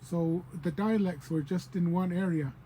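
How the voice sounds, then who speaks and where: A man's voice: high-pitched, moderate pace, warm tone, a little hiss or hum, poor audio. A man giving a casual spoken language lesson, patiently explaining and repeating example words. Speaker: language teacher.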